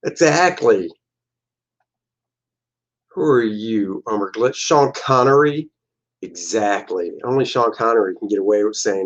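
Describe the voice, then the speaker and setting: A man's voice: on the low side, expressive, unhurried, long pauses, lo-fi sound. A man, a comic book artist, chatting casually and joking on a livestream while looking back over his pages. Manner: joking, chatty, acts out characters' lines.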